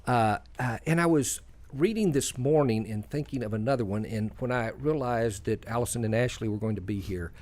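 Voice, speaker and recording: Rambling, folksy radio host. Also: male voice, medium pitch, moderate pace, a little mellow. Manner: rambling, folksy, self-deprecating with frequent fillers. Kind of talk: casual radio chat and storytelling.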